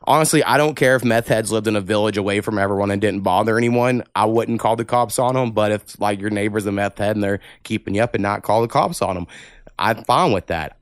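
A man hosting a podcast who talks bluntly and cusses freely while he reads out emails and argues back. His voice is smooth and resonant, and the close mic leaves little room sound. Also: lowish voice, no room sound. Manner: blunt, heavy cussing, animated rants. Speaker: podcast host. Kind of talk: casual podcast chat, reading listener emails.

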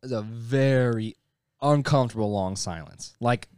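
A man's voice: medium pitch, a little slow, clear, resonant tone, no echo, clean studio sound. A young man co-hosting a podcast, telling a story in casual chat, swearing and acting out a phone call. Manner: animated storytelling, swearing, acts out phone calls. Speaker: podcast co-host.

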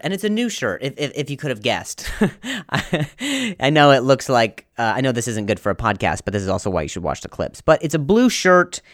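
A man's voice: fairly high pitch, fairly bright tone, dry recording, clean studio sound. A young man hosting a podcast, telling a comic story in a rambling, self-interrupting way and laughing at his own jokes. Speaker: podcast host. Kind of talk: comedic storytelling monologue.

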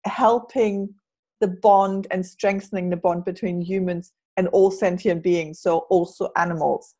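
A woman's voice: on the low side, fairly even intonation, a little slow, warm tone. A woman hosting a casual interview, asking encouraging, inquisitive questions. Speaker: host.

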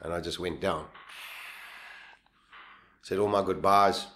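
A man, quietly telling a personal survival story in halting speech that often repeats words. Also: sits low, steady tone, a little hiss or hum.

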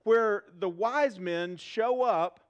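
A middle-aged man, preaching a sermon in a church to a live audience, animated and humorous, asking the crowd questions. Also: sits high, takes it slowly, lo-fi sound. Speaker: pastor.

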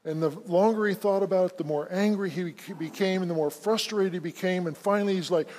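A pastor telling a story in a sermon, swinging from quiet to loud emphasis. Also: male voice, high-pitched, brisk, hardly any pauses. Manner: storytelling, builds to loud emphasis then drops soft.

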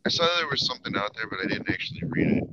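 A man's voice: lowish voice, lively intonation, racing. A man co-hosting a casual wrestling podcast who has lost his voice, talking in a laid-back way with swearing and repeated words. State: losing his voice. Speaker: podcast co-host. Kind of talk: casual chat. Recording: dull lo-fi sound with clear noise.

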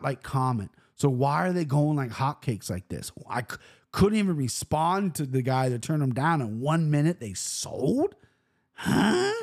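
Profane, animated storytelling man. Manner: profane, animated, acts out quotes with pitch jumps. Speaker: podcast host. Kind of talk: casual storytelling monologue. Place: home room at a computer.

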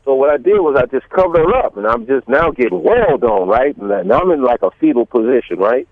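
A man's voice: mid-range voice, animated, a little fast, no echo. A man telling a long story as a guest, rambling with many fillers and restarts and acting out quotes, over a tinny phone-like line. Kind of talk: storytelling in an interview.

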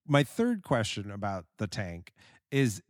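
A man's voice: on the low side, wildly swooping pitch, measured pace, no room sound, clean studio sound. A man co-hosting a podcast who asks questions about a movie one after another in casual chat. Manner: inquisitive, lists numbered questions. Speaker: podcast co-host.

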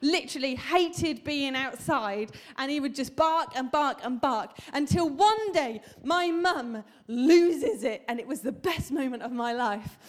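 High-voiced woman preaching. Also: animated, unhurried, few pauses. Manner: chatty, humorous storytelling with asides to the congregation. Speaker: pastor. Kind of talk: sermon. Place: church hall.

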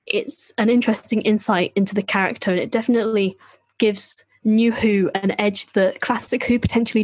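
A woman co-hosting a podcast chats casually and enthusiastically about a TV show, poking fun at herself along the way. Her voice is medium in pitch, with no echo.

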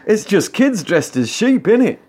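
A patient, chiding pal, as a man puts him on, keeping his mate in check. His voice sits a little raised and coaxing, steady and friendly. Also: sits high, normal speed, slightly rough, voice pushed up, heavily acted. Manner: soothing, chiding.

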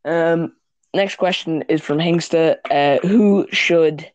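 A man's voice: fairly high pitch, takes it slowly, no room sound. A man co-hosting a casual podcast, talking fight sports, swearing and laughing often. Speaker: podcast co-host. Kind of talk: casual chat.

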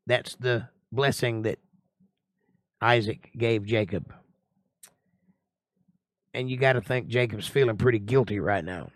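A man leads a Bible study, reading scripture aloud and dropping casual, joking remarks between passages. His voice sits at a medium pitch. The recording is dry and close. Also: measured pace, long pauses, dry recording. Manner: voices the figures in the reading with rising pitch and a whiny tone.

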